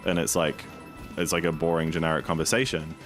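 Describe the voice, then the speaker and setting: A man's voice: a bass voice, flat delivery, fairly quick, fairly bright tone, soft background music. A man streaming a speedrun, chatting casually and rambling with lots of fillers and playful asides. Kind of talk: casual chat while speedrunning.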